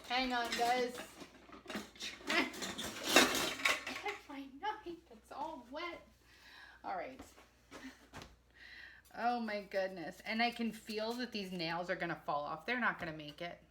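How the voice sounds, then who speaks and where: A woman's voice: on the high side, animated, slow pace, long pauses, a bit bright, slight background noise. A woman in her forties, chatting casually and poking fun at herself as she talks to viewers while cooking in her home kitchen. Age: 40s.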